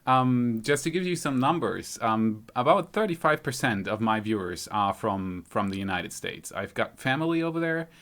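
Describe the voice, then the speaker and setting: A man's voice: mid-range voice, lively intonation, moderate pace, hardly any pauses, a bit bright. A man from Germany with a light German accent, hosting a casual live stream, thinking aloud as he fiddles with settings and reads out viewers' comments. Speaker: YouTube channel host.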